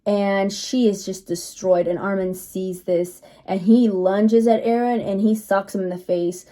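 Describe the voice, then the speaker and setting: Woman reviewer, relaxed mellow tone, easygoing chatty recap with filler words. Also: medium pitch, unhurried. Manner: chatty, loose storytelling with many fillers. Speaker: anime reviewer. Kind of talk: casual episode recap.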